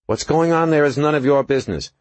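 A man reading an audiobook, voicing a tough, cool-headed woman police officer who speaks in a firm, measured, commanding way. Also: fairly high pitch, no echo, pitched above the performer's own voice, lightly acted. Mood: stern. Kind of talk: audiobook narration.

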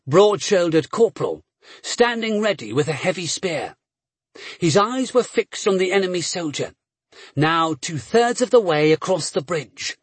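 A man reading an adventure novel aloud as a narrator, measured and steady, with brief voiced dialogue. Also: high voice, slightly rough, no echo. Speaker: audiobook narrator. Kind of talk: scripted narration.

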